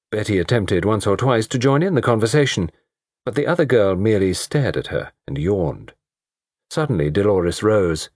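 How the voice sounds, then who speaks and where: A man narrating a story in an expressive, varied storytelling delivery. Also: lowish voice, no room sound, clean studio sound. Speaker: audiobook narrator. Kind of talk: scripted narration.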